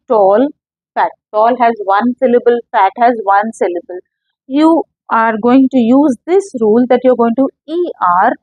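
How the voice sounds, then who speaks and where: Woman teacher going thru grammar step by step, high-ish voice, dry muffled sound. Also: no room sound. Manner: patient, explains step by step with questions to students. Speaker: English teacher. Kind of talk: classroom grammar lesson.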